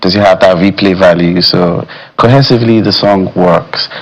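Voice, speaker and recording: A man talks music as a guest critic on a TV studio panel. His voice sits a little low and he muses his way through points, leaning on "you know" as he thinks. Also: steady tone, normal speed, gravelly, poor audio. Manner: thoughtful, with many fillers like "you know". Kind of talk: studio discussion. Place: television studio.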